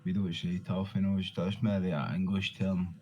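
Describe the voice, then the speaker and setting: A man's voice: deep voice, level tone, moderate pace, mellow, highs cut off. A Scottish man explaining local slang in casual chat, blunt and sweary, often adding "you know what I mean". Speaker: interviewee. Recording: crowd noise behind.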